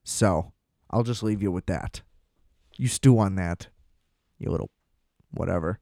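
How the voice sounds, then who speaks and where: A man's voice: deep voice, measured pace, vocal fry, dark tone, no room sound, studio quality. A man ranting in casual commentary, rambling, sarcastic and full of swearing. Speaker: vlogger.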